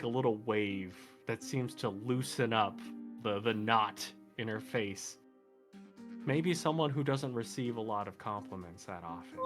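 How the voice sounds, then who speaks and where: A man running a tabletop role-playing game, narrating the scene in a relaxed, gentle voice. He talks slowly, with fillers, over faint music. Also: medium pitch. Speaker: game master.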